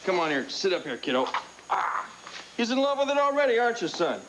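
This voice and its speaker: An enthusiastic young father on a 1980s TV soap, playful and full of plans. His pitch leaps about with excitement, over a light hiss. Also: brisk, poor audio. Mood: eager. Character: eager young father, hopeful dreamer.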